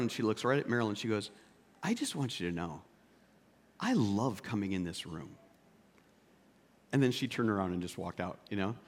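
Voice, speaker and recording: A man preaching a sermon as pastor, swinging between loud emphatic peaks and quiet, intimate asides. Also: medium pitch.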